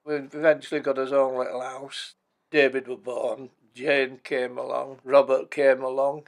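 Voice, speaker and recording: A man's voice: medium pitch, little pitch movement, a little slow, creaky. A man, telling his life story as a bereaved husband and former carer in a plain-spoken, matter-of-fact way. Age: 80s. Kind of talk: personal life story told for a documentary.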